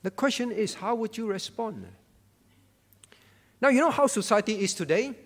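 Animated high-voiced preacher in a reverberant church. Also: male voice, moderate pace. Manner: emphatic, repeats key phrases and asks the congregation questions. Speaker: pastor. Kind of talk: sermon.

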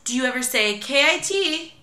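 A woman's voice: high-pitched, expressive, normal speed, pushed and bright, echoey room. A woman in her forties co-hosting a podcast, chatting casually with teasing, dry quips. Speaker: podcast co-host. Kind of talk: casual chat.

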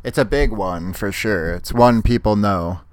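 A man's voice: fairly low pitch, a little slow, no echo. A man co-hosting a podcast, casually recapping a cartoon episode and acting out quoted lines in playful voices. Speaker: podcast co-host.

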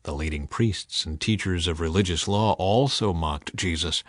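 A man's voice: sits low, a little slow, few pauses, a bit bright, no room sound. Emphatic man reading scripture, dry. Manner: emphatic, swells on quoted cries. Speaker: scripture reader. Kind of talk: dramatic Bible reading.

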